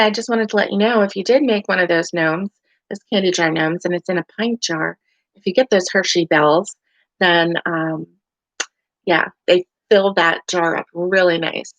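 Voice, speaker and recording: A middle-aged woman with a Southern US accent hosts a casual live crochet chat from home, rambling with many fillers, tired and yawning. Her voice is lowish and there's no echo, in a dry, dull lo-fi home stream.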